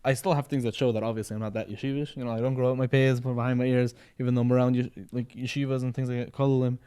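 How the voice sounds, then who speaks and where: This man, of Sephardi background, speaks very fast in a mellow, clean, medium-pitched voice with little pitch movement. Chatting on a podcast, he drifts and repeats words while frequently asking "right?" and saying "you know."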